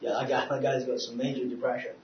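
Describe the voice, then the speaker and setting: A man delivers a sermon, halting and repeating himself, rising to loud urging and dropping to near quiet. His voice sits at an ordinary pitch and comes from some distance. The hall is roomy, with a dull, muffled recording quality. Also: flat delivery. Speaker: speaker on depression, preacher. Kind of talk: sermon with personal testimony.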